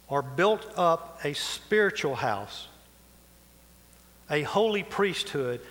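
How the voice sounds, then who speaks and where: Folksy preacher in a reverberant church. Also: male voice, fairly high pitch, fairly bright tone. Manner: folksy, conversational preaching with asides and laughs. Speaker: pastor. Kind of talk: sermon. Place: church sanctuary. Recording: long reverb of a church hall.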